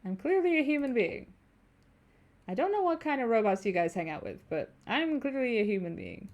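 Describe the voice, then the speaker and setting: A woman's voice: on the high side, big pitch swings, normal speed, darkish tone. A woman voicing a patient young female cab driver in a game, speaking plainly in her own voice.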